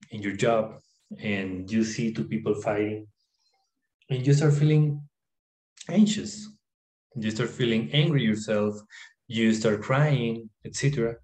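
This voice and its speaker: A man explaining ideas about the mind in his apartment, in a halting way with many fillers and restarts. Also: fairly low pitch, darkish tone, roomy sound, low-quality recording. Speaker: self-help video presenter. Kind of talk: informal talk to camera, reading a text aloud. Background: dog barking, fireworks and freeway traffic outside.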